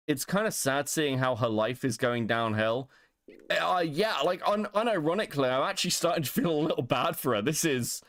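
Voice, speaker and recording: A man's voice: a little high, expressive, moderate pace, fairly bright tone, no room sound. Wry male podcast host, dry sound. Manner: wry, laughing, swears casually. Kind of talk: casual commentary.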